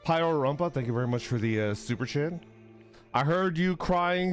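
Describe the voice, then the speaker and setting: A man's voice: lively intonation, slow pace, long pauses, soft background music. A man live-streaming a game, chatting with viewers in a playful, teasing way. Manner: playful and teasing, bursts into high squeaks and laughter.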